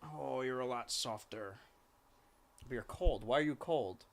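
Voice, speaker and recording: A man's voice: medium pitch, unhurried. Chatty male streamer cooing at cats. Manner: chatty, coos and baby-talks to his cats. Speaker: live streamer. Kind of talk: casual stream chat.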